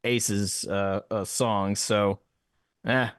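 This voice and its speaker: A man's voice: fairly low pitch, fairly even intonation, drawn-out words, no echo, clean studio sound. A man co-hosting a casual music podcast, talking emphatically and animatedly and repeating phrases for effect. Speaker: podcast co-host. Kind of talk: casual chat about music.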